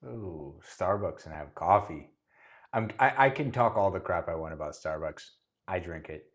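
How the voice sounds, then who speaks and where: A man's voice: sits low, animated, moderate pace. A man co-hosting a casual podcast, chatty and opinionated, often restarting his sentences. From Miami. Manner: chatty, self-interrupting, opinionated. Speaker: podcast co-host, realtor.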